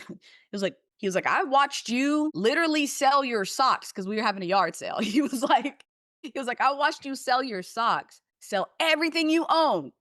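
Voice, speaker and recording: A young woman, a podcast guest, telling her life story in a casual, animated way, swearing freely and acting out what her parents said. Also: high-pitched, no echo, clean studio sound.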